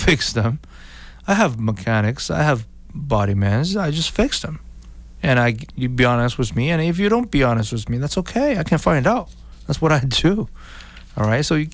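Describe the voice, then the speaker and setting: With a creaky, mid-range voice and no room sound, this car dealer chats informally with viewers. His talk wanders, full of repeats and restarts, and he plays out other people's words as he quotes them.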